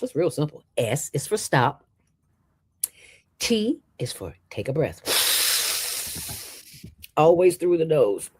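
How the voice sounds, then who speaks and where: Lively, low-voiced middle-aged woman. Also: breathy edge. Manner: animated, emphatic, preachy and playful; fast talker from years on radio. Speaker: guest, nonprofit founder. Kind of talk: casual interview chat.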